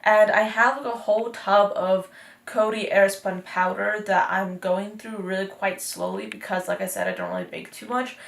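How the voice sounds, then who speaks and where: A woman's voice: medium pitch, animated, normal speed, gravelly, echoey room. An eighteen-year-old woman from North Texas, chatting casually and upbeat through a beauty vlog with lots of fillers. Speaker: beauty vlogger. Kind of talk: casual anti-haul chat.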